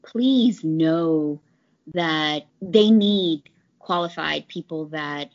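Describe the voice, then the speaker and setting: A woman's voice: deep voice, very slow. A woman in pharmaceutical sales, chatting in an interview, telling stories animatedly and acting out quoted lines. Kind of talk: conversational interview storytelling. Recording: slightly dull lo-fi audio.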